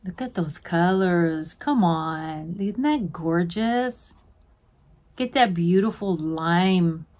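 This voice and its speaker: A woman's voice: lowish voice, animated, slow pace, darkish tone. A middle-aged woman chatting casually as a beauty vlogger, gushing to her viewers like friends while unboxing at home.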